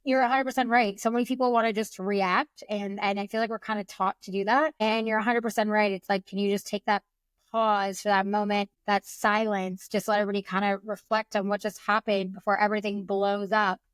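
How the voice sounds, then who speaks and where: A woman's voice: medium pitch, flat delivery, brisk, clear, resonant tone, no echo. A woman in her thirties, a breathwork coach as a podcast guest, talking in a casual, chatty way full of "you know" and "like". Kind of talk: casual conversational interview.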